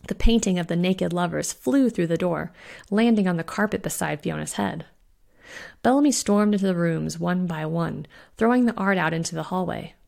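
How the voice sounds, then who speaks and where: A woman, the author, reading her own spooky short story aloud with steady narration. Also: lowish voice, normal speed, vocal fry. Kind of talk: scripted narration.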